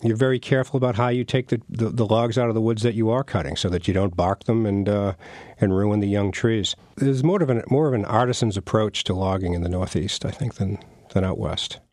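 A middle-aged author, a guest in an interview, talks casually and briskly in a lowish, slightly mellow voice. He rambles, restarts often, and chuckles, recorded in clean studio sound with no room sound.

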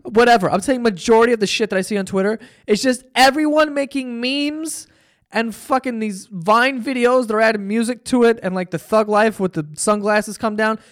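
A man's voice: extremely high pitch, normal speed. A man hosting a solo podcast, ranting casually with lots of swearing and sarcastic exasperation. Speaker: podcast host.

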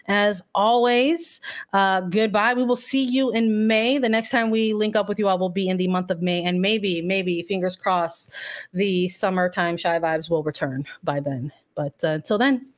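A woman at the middle of the usual pitch range, co-hosting a sports podcast. She talks in an upbeat, chatty way, leaning on ums and uhs as she goes. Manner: chatty, upbeat, filler-heavy. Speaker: podcast co-host. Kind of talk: casual sports podcast chat.

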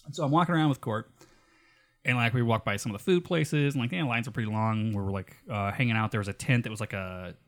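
Profane laughing podcast co-host with a Nevada accent. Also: male voice, mid-range voice, fast. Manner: profane, animated storyteller, laughs often. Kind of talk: casual chat.

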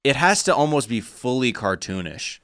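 A man's voice: mid-range voice, sing-song, moderate pace, a bit bright, no echo, studio quality. A man in a casual comedic podcast chat who speaks bluntly, swears and laughs a lot.

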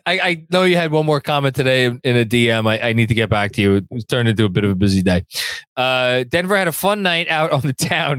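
A man hosts a fan podcast in a loose, rambling way and stumbles over repeated words as he thinks. His voice sits at a middling pitch. The recording is dry, with no room sound. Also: brisk, fairly bright tone, no room sound. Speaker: podcast host. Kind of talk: casual podcast chat reading viewer comments.

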